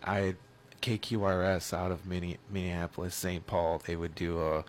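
Low voiced guy rambling about football on the radio, stops and restarts a lot. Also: little pitch movement, a little hiss or hum. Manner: rambling, halting, self-deprecating. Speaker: sports radio co-host. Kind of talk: casual sports talk.

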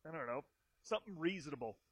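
Male sports chat host, upbeat, slightly high voice, dry close video call audio from home. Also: expressive, slightly rough, no room sound, poor audio. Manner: upbeat, quick to laugh. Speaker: podcast host.

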